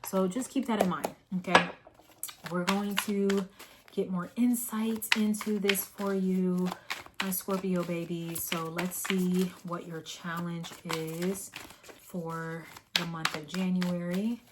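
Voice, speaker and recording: A hoarse woman doing a casual tarot reading, blunt and profane with a teasing tough-love manner. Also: lowish voice, little pitch movement, slow, heavy background noise. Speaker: tarot reader.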